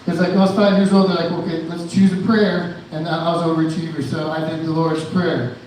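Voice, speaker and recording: A man's voice: on the high side, flat delivery, fast talker, darkish tone, a little hiss or hum. A man doing a live stand-up set at a bar, rambling and loose with many fillers and restarts. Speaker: stand-up comedian. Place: indoor bar venue. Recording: echoey room, mic at a distance.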